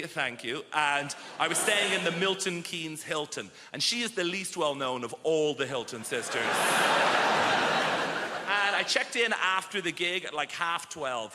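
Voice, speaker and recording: A man performing a stand-up routine, telling quick stories and acting out the quotes. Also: a little high. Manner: brisk storytelling with acted-out quotes and asides. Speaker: stand-up comedian. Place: large theatre stage. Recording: echoey theatre with loud crowd laughter.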